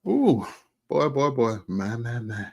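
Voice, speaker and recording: A man leads a relaxed livestream chat, sounding animated and exclamatory. He speaks at medium pitch with vocal fry, sprinkling in folksy asides and drawn-out hums.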